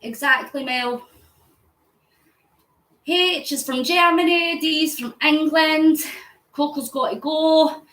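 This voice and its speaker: Speaking slowly and pausing often, this high-pitched, slightly bright female voice belongs to a Scottish fundraising vlogger from the Glasgow area. She chats on a live stream as she cycles, answering comments aloud with plenty of laughter. Audio is poor and reverberant.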